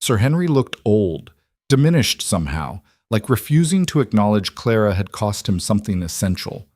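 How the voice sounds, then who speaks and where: Male narrator, scripted story; measured, low, dry. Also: big pitch swings, a little mellow, no echo.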